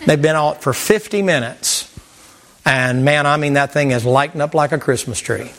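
A man preaching a sermon to a congregation in a folksy, animated way, repeating words and mimicking sounds. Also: a little high, normal speed. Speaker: pastor. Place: church sanctuary with congregation.

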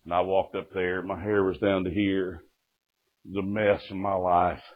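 Middle-aged preacher, fervent testimony with frequent amens, tinny lo-fi recording. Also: male voice, low voice, flat delivery, unhurried. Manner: fervent storytelling, punctuated with "Amen". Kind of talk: sermon testimony. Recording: tinny lo-fi phone-like sound.

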